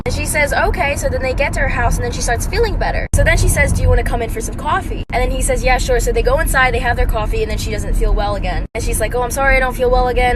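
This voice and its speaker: A woman with a slightly high voice rushes through a retold story in long run-on chains. Loud outdoor traffic noise surrounds her. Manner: rapid, run-on retelling. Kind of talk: casual storytime.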